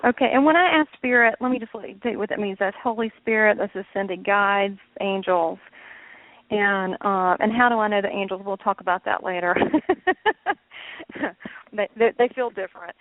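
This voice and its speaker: A woman's voice: medium pitch, fairly even intonation, moderate pace, no room sound. A woman psychic medium giving a casual call-in reading, rambling and searching for words with many fillers and restarts. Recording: tinny phone line.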